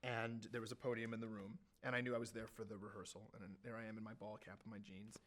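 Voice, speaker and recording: A man telling an animated story as an interview guest, acting out what others said. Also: lowish voice, fast talker. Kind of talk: conversational anecdote telling.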